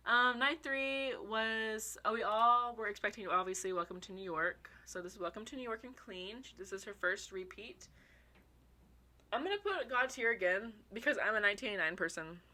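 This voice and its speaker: Bright, excitable young woman. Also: mid-range voice. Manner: excitable, swears freely, laughs often; talks to her viewers as y'all. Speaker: vlogger. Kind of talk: casual chat.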